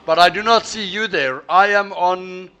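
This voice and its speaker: A man streaming a sim race teases his friends in casual voice chat, speaking haltingly and repeating words on each restart. His high voice is pushed, bright and clean.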